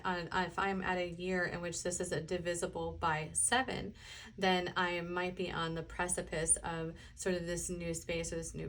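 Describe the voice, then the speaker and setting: A woman's voice: fairly low pitch, a bit bright, a little hiss or hum. A woman from the US Midwest, a tarot reader chatting casually through a pick-a-card reading, rambling and laughing often.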